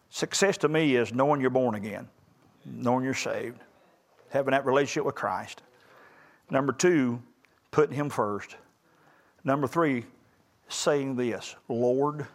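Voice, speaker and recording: A middle-aged man preaching a sermon to young graduates, building to loud emphatic peaks in a folksy way. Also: mid-range voice. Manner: rising to loud emphatic peaks, southern colloquial phrasing.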